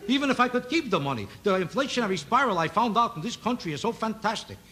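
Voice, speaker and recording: A man doing a stand-up routine on a TV variety show, needling an audience member with quick rhetorical questions. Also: sits high, animated. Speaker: stand-up comedian. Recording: loud noise on an old TV broadcast recording.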